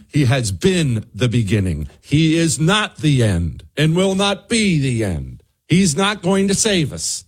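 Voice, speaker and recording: A man's voice: on the high side, husky. A man hosting a talk radio show, giving a fired-up monologue and speaking directly to his listeners.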